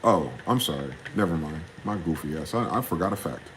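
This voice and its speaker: A young man, ranting in a casual, profane solo monologue, jumping from heated questions to low muttering. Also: expressive, fairly quick, background noise. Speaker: podcast host.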